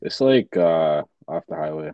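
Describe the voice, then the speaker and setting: A man's voice: extremely low pitch, animated, measured pace, no room sound, phone-quality sound. A young man co-hosting a casual chat, answering with dry, teasing comebacks. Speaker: podcast co-host.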